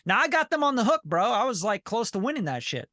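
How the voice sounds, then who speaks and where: A man's voice: very high voice, sing-song, fast, pushed and bright, no room sound, clean studio sound. A man coaching a member on a video call, blunt, profane and repetitive, often asking "you know what I'm saying". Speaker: sync licensing coach and group leader.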